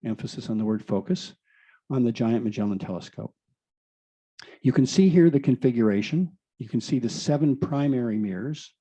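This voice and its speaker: Man presenting, enthusiastic, rhetorical questions, very dark tone, muffled lo-fi sound. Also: medium pitch, normal speed, slightly rough. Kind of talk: explanatory presentation.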